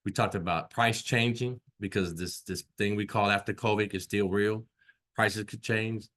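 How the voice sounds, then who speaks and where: A man's voice: fairly low pitch, steady tone, moderate pace, a bit bright. A man teaching an online class in a conversational way, repeating himself and often checking in with "right?". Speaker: instructor.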